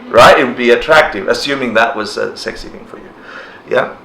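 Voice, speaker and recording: A man leads a casual class in a roomy hall, his voice bright and forward. He laughs easily and acts out people's reactions in funny little voices. A faint hum of ambience sits under him. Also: mid-range voice, fairly quick, gravelly. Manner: animated, laughs often, acts out quoted reactions. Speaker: dharma teacher. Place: indoor class room.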